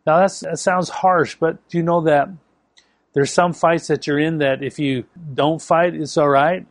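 Male preacher, sermon, emphatic storytelling, slightly high voice, dry sound. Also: fairly even intonation, measured pace, no room sound. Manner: storytelling with acted quotes, emphatic.

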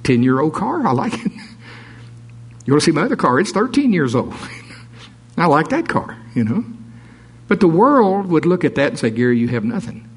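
A man preaching a sermon, reading scripture aloud with jokes and asides in an animated way. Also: fairly high pitch, normal speed, pauses often, slightly rough.

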